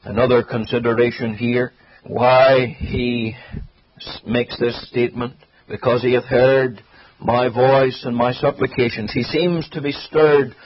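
A man preaching an earnest sermon, his husky voice rising for emphasis and sinking low. His phrasing slows to linger on key words. The broadcast sounds dull and lo-fi. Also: level tone. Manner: earnest, swells and drops in volume for emphasis.

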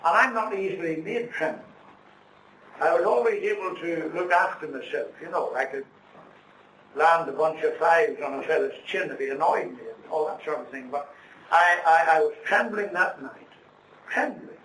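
Middle-aged man, high-pitched earnest preacher, caught from a distance in an echoey room with faint hiss. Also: moderate pace, fairly bright tone. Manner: earnest storytelling with preacherly emphasis. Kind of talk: sermon testimony.

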